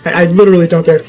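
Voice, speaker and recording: A man's voice: high-pitched, darkish tone, poor audio. A young man giving casual gameplay commentary, rambling and laughing often. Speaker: gameplay YouTuber.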